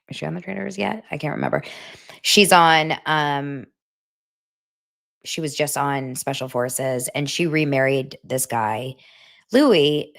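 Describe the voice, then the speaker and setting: A woman hosting a casual celebrity gossip vlog, chatting straight to her viewers. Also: low voice. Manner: chatty, addresses viewers directly.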